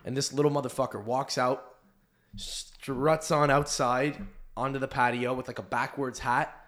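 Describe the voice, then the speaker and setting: A man's voice: medium pitch, little pitch movement, moderate pace, fairly bright tone. A young man hosting a podcast in casual chat, rambling through stories and swearing often. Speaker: podcast host.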